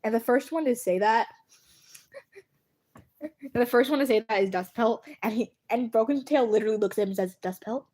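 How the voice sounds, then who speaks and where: Giggly, animated woman livestreamer, slightly high voice, speaks straight to her viewers. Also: brisk, long pauses. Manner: giggly, laughs between sentences. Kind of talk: casual chat.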